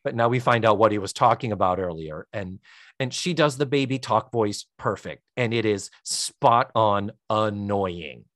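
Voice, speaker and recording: A man's voice: on the low side, normal speed, no echo, studio quality. A man co-hosting a podcast, casually recapping a TV episode and playfully acting out the characters' lines. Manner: lively retelling, acting out quoted lines with laughs. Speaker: podcast co-host.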